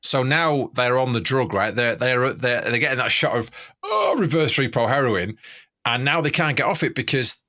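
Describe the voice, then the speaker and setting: A man co-hosting a podcast in casual chat, excitable, swearing freely and restarting his sentences. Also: medium pitch, moderate pace. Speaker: podcast co-host.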